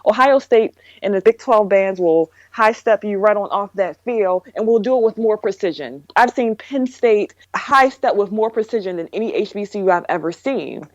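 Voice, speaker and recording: A woman's voice: medium pitch, animated, moderate pace, hardly any pauses, no room sound, dull audio. A woman co-hosting a podcast panel, making emphatic, opinionated points in casual discussion. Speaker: podcast co-host.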